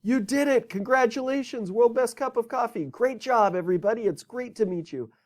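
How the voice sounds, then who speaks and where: A man's voice: very high voice, a little fast, voice pushed up. A man voicing an overjoyed grown man who screams congratulations at strangers. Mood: ecstatic.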